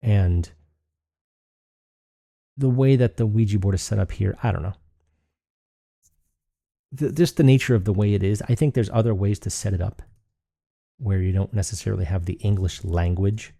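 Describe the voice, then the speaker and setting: A man's voice: on the low side, moderate pace, gravelly, pauses often, dark tone, no room sound, clean studio sound. A man hosting a solo podcast, rambling and thinking aloud with frequent restarts. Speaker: podcast host.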